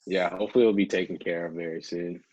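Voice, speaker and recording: Deep-voiced rambling young man. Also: steady tone, fast talker, darkish tone, husky, no echo, muffled recording. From North Carolina. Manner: rambling, peppered with 'like', acts out quotes. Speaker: guest, pro hockey player. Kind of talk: casual storytelling.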